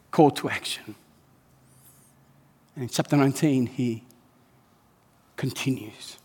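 A man's voice: medium pitch, slow, pauses often, husky, long reverb tail. A man preaching a sermon as pastor, impassioned and prone to repeating words as he builds.

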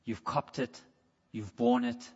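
Taking it slowly, a man with a medium pitch and fairly even intonation gives a conversational sermon, stumbling on repeated words and questioning the congregation directly. The sound is lo-fi.

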